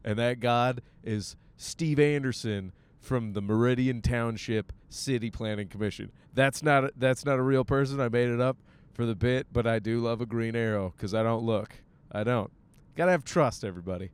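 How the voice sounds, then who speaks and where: A man with a smooth, resonant, mid-range voice talks to his podcast listeners at normal speed while driving. The casual, rambling monologue is packed with self-mocking humor, frequent swearing and silly voiced asides.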